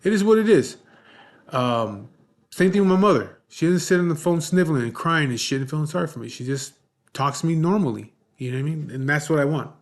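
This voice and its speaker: A man in his forties, his voice slightly high and quick, answers viewers' questions in a casual vlog. He's blunt and frank, swears a lot, and keeps asking "you know what I mean."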